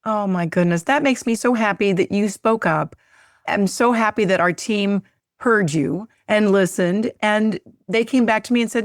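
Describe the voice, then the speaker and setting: A woman hosting a podcast, chatting in a warm, effusive way, gushing and often laughing. Her voice sits in a middle register. It is recorded close and dry, with no room sound. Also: mid-range voice, moderate pace, no echo. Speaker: podcast host. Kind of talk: casual podcast conversation.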